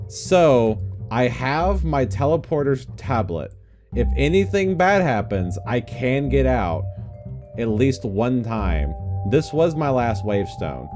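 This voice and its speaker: Excitable gaming YouTuber man, lively voice. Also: medium pitch. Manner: excitable, jokey, yelps and laughs. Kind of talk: Let's Play commentary.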